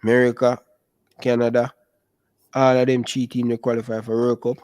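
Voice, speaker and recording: A young adult man with a Jamaican accent, chatting casually about football in animated patois. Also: mid-range voice, normal speed, dry recording. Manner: animated, speaks Jamaican patois and calls listeners brother. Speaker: football channel host. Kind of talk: casual chat.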